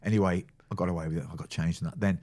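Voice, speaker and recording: A man in his sixties with a very low, deep voice spins stories as a podcast guest. He slips into the voices of the people in his tales and laughs along as he goes. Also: fairly even intonation, racing, darkish tone. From England. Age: 60s. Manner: storyteller who acts out quoted people, laughing often. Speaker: guest, former football physio. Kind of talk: casual anecdotal chat.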